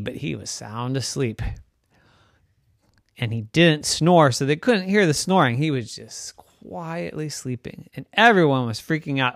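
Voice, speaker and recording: A man spins an improvised bedtime story in a playful, animated way. His voice sits a little high and swings widely in pitch. The recording is close and dry. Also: a little slow, no echo.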